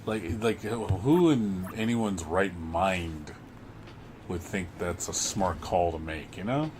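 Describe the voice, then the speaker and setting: A man's voice: deep voice, slow pace, noisy background. A young man livestreaming and chatting casually while he plays, ranting in a profane, exasperated way. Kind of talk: casual chat while gaming.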